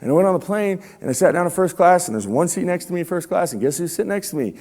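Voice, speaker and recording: Here the motivational speaker's voice sits high and slightly dark, moving very fast with lively intonation. Addressing students in a school room, he keeps it casual and slangy and frequently quizzes them; the recording carries a long hall reverb.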